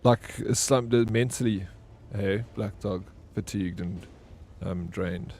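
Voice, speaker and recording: A male livestreamer talks a little slowly in a fairly low, darkish voice, and there is a slight hiss or hum in the recording. During casual live gameplay he reads chat messages aloud and answers them, rambling through stories with many fillers and restarts.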